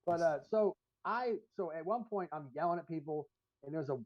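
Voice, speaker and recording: A man co-hosts a live podcast, telling a long story in a loose, profane ramble. His voice sits a bit high. The sound is dry and a little dull, like lo-fi stream audio. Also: normal speed, no echo. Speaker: podcast co-host. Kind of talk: casual chat.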